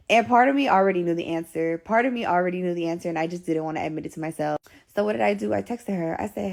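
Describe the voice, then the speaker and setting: A woman with a lowish, gravelly voice that dips into vocal fry. She tells her story in a casual get-ready-with-me style, animated and full of slang and swearing. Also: brisk.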